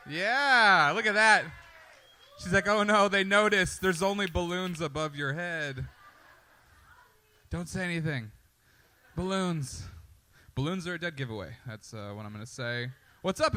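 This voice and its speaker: A man's voice: a little high, bright, forceful tone. A man doing a loose, conversational stand-up comedy set with swearing and asides, on a comedy club stage into a handheld mic. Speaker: stand-up comic.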